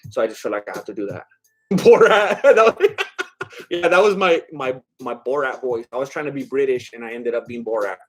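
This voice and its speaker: A man streaming live reads chat and rambles casually, heavy on fillers and self-deprecating laughs. His medium-pitched voice is animated and a little fast.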